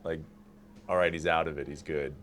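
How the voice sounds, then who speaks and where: Deep-voiced quick male interviewer. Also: fairly even intonation, fairly bright tone, slight background noise. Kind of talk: casual interview.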